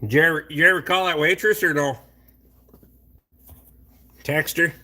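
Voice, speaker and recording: A man's voice: fairly high pitch, moderate pace, bright, forceful tone. A middle-aged man hosting a casual late-night stream, talking bluntly and swearing a lot while he rambles and answers chat. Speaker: livestream host reading chat.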